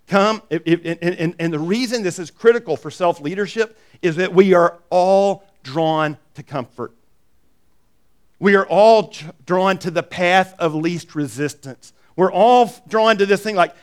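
A middle-aged man preaching a sermon, telling stories with emphatic repeats and quick asides. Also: a little high, clean tone. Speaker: pastor.

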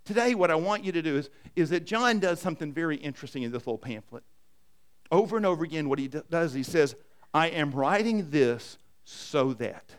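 A man's voice: on the high side, lively intonation, quick pace. An older man, a pastor with grandchildren, preaching a sermon in a conversational way with frequent restarts.

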